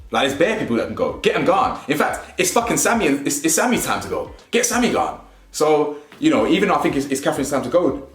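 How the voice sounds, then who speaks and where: A young man talks through a reality show in loose, slangy commentary, his pitch swinging up and down as he gets worked up. He sounds like he's in a roomy space with a bit of echo, and faint music plays underneath. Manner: animated, slangy, laughs often. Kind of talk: casual commentary.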